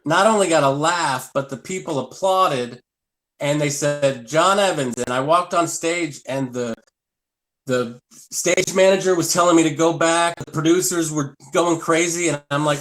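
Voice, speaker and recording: Male comic guest, raised pitch, loose and self-deprecating storyteller. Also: a bit bright. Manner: rambling, self-deprecating storytelling with scat vocal bits. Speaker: comedian guest. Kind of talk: casual live-stream chat.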